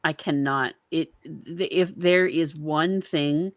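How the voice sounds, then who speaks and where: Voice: medium pitch, fairly even intonation, slow, no echo. A speaker in a casual group chat, trading dry jokes and playful exaggerations. The sound is close and dry. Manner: wry, playful banter.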